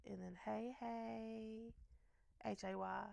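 A woman's voice: on the high side, little pitch movement, slow pace, creaky, a little mellow, no echo. A young adult woman co-hosting a podcast in casual chat, joking and laughing often. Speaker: podcast co-host.

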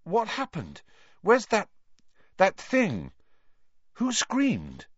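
A man's voice: high voice, wildly swooping pitch, extremely slow, husky, dry recording, muffled recording, voice pushed up, full character voice. A man reading the part of a shaken thirteen-year-old boy wizard, asking anxious, urgent questions in a raised voice.

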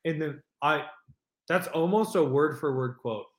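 A man's voice: fairly high pitch, unhurried, echoey room. A man co-hosting a podcast in casual chat, swearing freely and telling stories animatedly. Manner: profane, animated storytelling. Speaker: podcast co-host.

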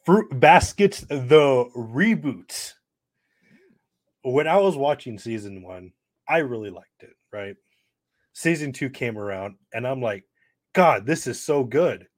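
A man's voice: mid-range voice, animated, takes it slowly, dry recording. A man co-hosting a casual podcast, eager and swearing casually. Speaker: podcast co-host.

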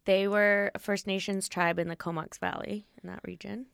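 A woman co-hosting a casual chat podcast, playful and quick to laugh. Her voice has a gravelly edge. The sound is dry and close. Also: medium pitch, flat delivery, fairly bright tone, dry recording. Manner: laughs often, playful, chatty. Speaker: podcast co-host.

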